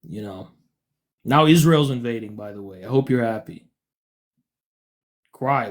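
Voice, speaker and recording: An American livestream host argues heatedly with callers, combative and mocking. His mid-range voice is very animated and fairly bright, and he speaks a little slowly with long pauses.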